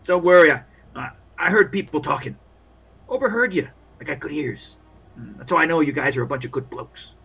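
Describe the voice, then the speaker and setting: An overly cheery wounded soldier with bandaged eyes, put on by a man running a tabletop game. He speaks in a chummy, reassuring way, voice bright and a little husky, talking up his pals. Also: a little high, animated, a little fast, heavily acted.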